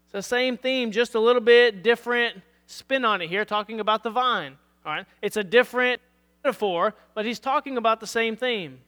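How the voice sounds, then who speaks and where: High-voiced preacher, voice going hoarse. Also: male voice, normal speed, pushed and bright, in a large hall. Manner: earnest preaching, reads scripture aloud, asks "All right?". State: losing his voice. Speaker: pastor. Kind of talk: sermon.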